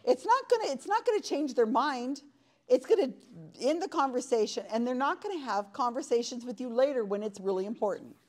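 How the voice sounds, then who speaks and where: A woman's voice: sits high, expressive, fairly quick, a little mellow. A woman leading an interactive workshop, talking conversationally and asking the audience questions in a room full of people. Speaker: workshop presenter.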